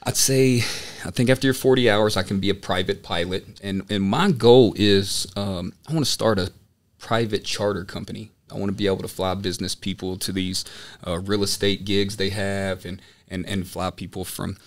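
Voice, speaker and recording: A man with a fairly low voice tells a story in casual podcast chat, animated and loose. His talk is full of filler words as he describes his time as a student pilot. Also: normal speed.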